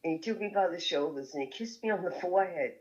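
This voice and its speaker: A woman telling a story as a podcast guest, lively and laughing often as she goes. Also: lowish voice, fast talker, muffled recording.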